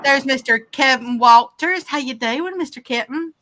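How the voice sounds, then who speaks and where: A woman's voice: sits high, moderate pace, pushed and bright, slight background noise. A woman co-hosting a fishing livestream from a boat, cheerfully greeting viewers by name and reading their chat comments. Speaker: co-host reading live chat. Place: outdoors on a boat on a bay.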